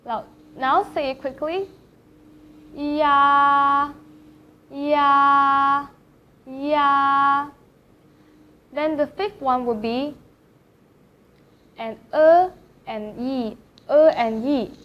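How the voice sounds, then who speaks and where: Slow high-voiced woman teaching pronunciation. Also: lively intonation. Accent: Thai. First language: Thai. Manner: slow, careful demonstrations of vowel sounds. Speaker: Chinese language teacher. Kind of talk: pronunciation lesson. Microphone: camera facing the speaker. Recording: slightly dull lo-fi sound.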